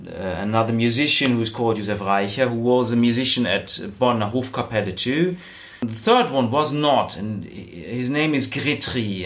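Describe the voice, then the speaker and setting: A male interviewer, a non-native English speaker, asking brisk and curious questions. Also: mid-range voice, a bit bright. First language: not English.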